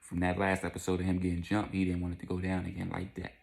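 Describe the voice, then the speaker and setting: A man with a deep, gravelly voice telling a story casually. He is animated, repeats lines for effect and drops in vocal sound effects. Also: quick pace.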